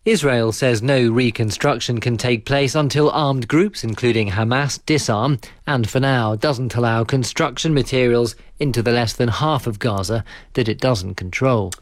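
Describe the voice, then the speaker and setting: A male reporter reads his scripted news piece in a measured, even delivery. His voice sits at an ordinary middle pitch, and the recording is close and completely dry. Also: dry recording.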